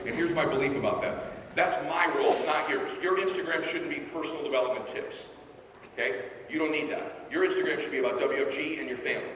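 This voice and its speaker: A man's voice: a little high, heavy background noise. A man giving a brash, pushy motivational talk to a sales team onstage, often asking the crowd if they are following. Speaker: motivational speaker. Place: large hall, stage at a live event. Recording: very echoey hall, voice from far off.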